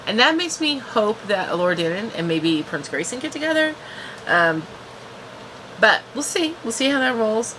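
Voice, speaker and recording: A woman's voice: a little high, sing-song, moderate pace, a bit bright, a little hiss or hum, rough recording. A woman casually recapping a TV episode as a reviewer, chatty, with frequent restarts and fillers.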